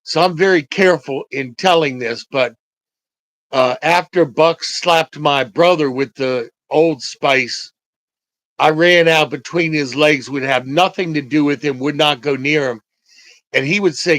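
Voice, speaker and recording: An older man tells his stories at an unhurried, deliberate pace, his voice sitting a little high for a man. He speaks reflectively and pauses often. The recording is dry and close, with no room sound. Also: a bit bright, dry recording, poor audio. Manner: slow, reflective, halting delivery with pauses. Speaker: storyteller. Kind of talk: personal storytelling.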